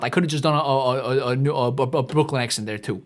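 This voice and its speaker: A man's voice: mid-range voice, rapid-fire, few pauses. A man hosting his own podcast, delivering a rambling, profanity-heavy comedic rant that is exasperated and mocking and full of restarts. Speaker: podcast host.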